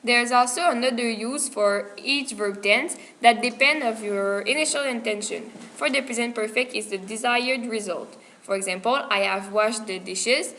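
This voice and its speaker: Brief: woman student presenter, slightly high and bright voice, careful, somewhat stilted reading of a grammar lesson. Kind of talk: reading a prepared grammar explanation.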